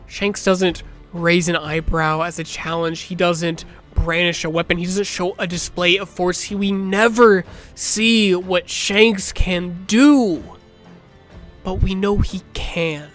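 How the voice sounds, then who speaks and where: A man narrating a video essay in a measured, reflective way, with dramatic pauses. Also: high-pitched, fairly even intonation, a bit bright, faint music behind.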